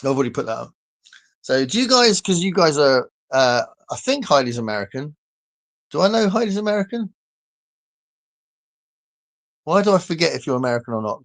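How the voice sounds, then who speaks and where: A man with a southern English accent, talking at a middling pitch in a relaxed, rambling way. He reads out and answers viewer comments on a casual live stream, often breaking into laughter. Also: a little fast, gravelly. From southern England. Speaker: livestream host reading comments. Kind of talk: casual chat.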